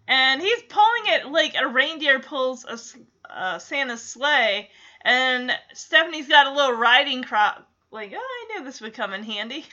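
A woman's voice: sits high, pushed and bright, muffled recording. A woman vlogger chatting casually while recapping a sitcom, rambling into asides and giggling. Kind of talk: casual chat.

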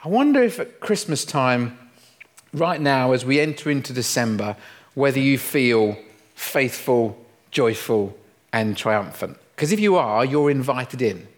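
A man's voice: mid-range voice, animated, unhurried. A middle-aged man, preaching a humorous sermon in a playful, self-mocking storytelling way. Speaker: pastor.

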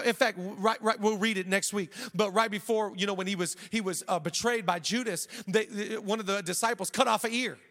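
Male pastor, high and bright, jokey sermon delivery, big reverberant church hall. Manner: conversational, humorous, animated.

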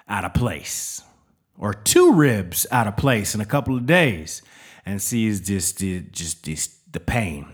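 A man hosting a podcast, telling a casual, rambling story with lots of swearing and restarts, often checking in with "all right?". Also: lowish voice. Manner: profane, rambling, with frequent restarts. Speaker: podcast host, military veteran.

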